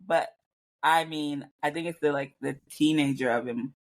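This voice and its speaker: A woman co-hosting a podcast in casual chat, telling stories bluntly and jumping into excited asides. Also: sits low, normal speed. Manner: storytelling, blunt, rises into excited quoted asides. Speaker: podcast co-host.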